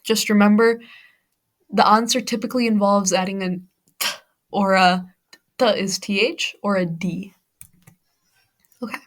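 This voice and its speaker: A woman's voice: medium pitch, fairly even intonation, unhurried, pauses often. American woman teaching an English lesson. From United States. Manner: patient, step-by-step explaining with worked examples. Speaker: ESL teacher. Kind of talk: explanatory language lesson.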